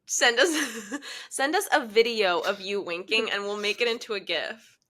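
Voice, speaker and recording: A young woman with a bright, sharp voice, co-hosting a casual podcast. She teases and jokes at a medium pitch while recapping a show. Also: measured pace. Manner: joking and teasing. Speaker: podcast co-host.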